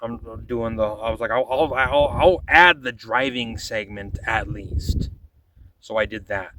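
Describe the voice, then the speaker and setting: Rambling, swearing low-voiced man. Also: unhurried, bright, forceful tone, recorded from a distance, rough recording. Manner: rambling, profane, restarts often, quotes himself. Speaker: vlogger. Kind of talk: casual storytelling monologue.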